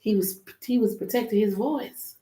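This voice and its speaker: A woman's voice: mid-range voice, normal speed. A woman hosting a casual live-stream tarot reading, chatty and loose, talking straight to her viewers and swearing freely. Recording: echoey room with faint noise.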